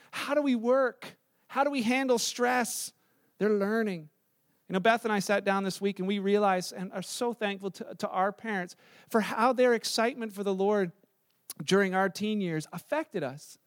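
A man's voice: high-pitched, no room sound, studio quality. A middle-aged man giving a sermon as pastor, conversational and storytelling, with asides and restarts.

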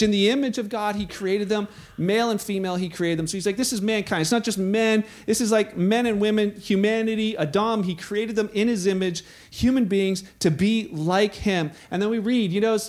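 A pastor giving a conversational sermon, acting out the scripture he quotes with playful asides. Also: extremely high pitch.

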